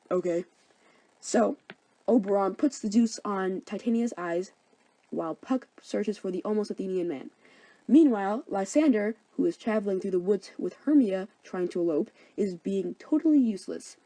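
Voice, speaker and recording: A woman's voice: mid-range voice, lively intonation, moderate pace, mellow, no room sound, poor audio. A young woman narrating a comedic story summary in a flippant, slangy way.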